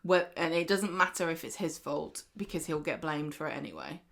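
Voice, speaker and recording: A woman co-hosts a casual chat podcast, retelling events with animated quoted voices. Her voice sits a little low for a woman. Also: fairly quick. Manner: lively storyteller who acts out quotes. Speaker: podcast co-host. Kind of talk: casual chat recapping a soap.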